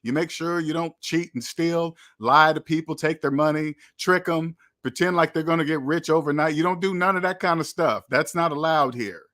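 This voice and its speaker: A man with a fairly high, bright voice delivers a motivational money monologue. He lectures his viewers in a preachy, repetitive way. Now and then he acts out imagined quotes. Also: normal speed, hardly any pauses. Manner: preachy, repetitive, addresses viewers as debt slaves. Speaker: money channel host.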